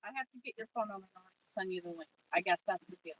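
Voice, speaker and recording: A woman's voice: mid-range voice, rapid-fire, a bit bright, lo-fi sound, slight background noise. Chatty woman livestream host, far from mic. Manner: chatty, reads comments aloud and answers them. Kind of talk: casual live chat reading viewer comments.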